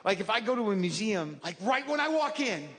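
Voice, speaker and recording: A man's voice: high voice, big pitch swings, fairly quick, fairly bright tone. A middle-aged man doing a stand-up routine on stage, rambling and self-deprecating. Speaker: stand-up comedian. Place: comedy venue stage. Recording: live hall reverb with audience.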